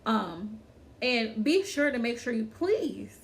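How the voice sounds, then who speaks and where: A woman's voice: on the high side, lively intonation, slow pace, vocal fry. A woman hosting a casual livestream chat, talking to viewers by name, repeating her phrases and laughing often. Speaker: livestream host.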